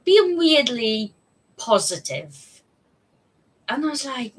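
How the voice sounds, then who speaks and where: Slow, chatty woman. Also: fairly low pitch, fairly bright tone, rough recording. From United Kingdom. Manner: chatty and candid, with frequent fillers and laughs. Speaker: live streamer. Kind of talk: personal storytelling on a live stream.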